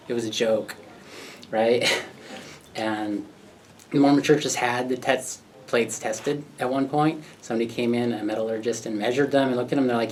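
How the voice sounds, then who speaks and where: An American man telling his story to an audience in a pub, animated and laughing often as he acts out the voices of others. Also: mid-range voice, moderate pace. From United States. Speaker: speaker at a talk. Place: pub function room. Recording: distant mic with faint background noise.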